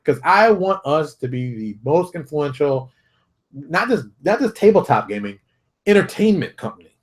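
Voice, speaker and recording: A man hosting his own show, talking straight to viewers in a fired-up, preachy rant full of rapid rhetorical questions. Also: on the high side, sing-song. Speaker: show host. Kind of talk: animated solo commentary.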